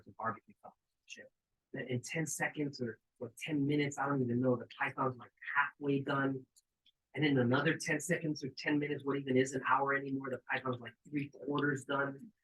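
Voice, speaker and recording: A man reading his own story aloud, animated and profane, in street slang, jumping to high shouted voices for the quotes and dropping low and quiet for suspense. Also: rough recording. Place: cabin during a live event.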